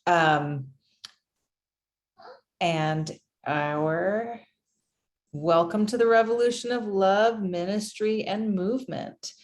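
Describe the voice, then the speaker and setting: A woman on a video call reading her church's mission statement aloud in a steady, formal way. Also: lowish voice. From United States. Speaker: congregation member.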